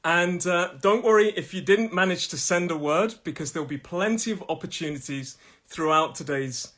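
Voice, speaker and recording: A man's voice: high-pitched, moderate pace, fairly bright tone. A man from Nottingham with a Midlands accent, hosting a live-streamed English pronunciation lesson from his room in a chatty way, often laughing and repeating himself. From Nottingham, England.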